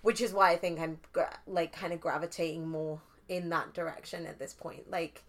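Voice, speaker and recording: A woman's voice: on the low side, little pitch movement, moderate pace, fairly bright tone. A young woman from northeast England, chatting casually as a podcast guest, with lots of fillers and restarts. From Newcastle upon Tyne, England. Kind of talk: casual chat.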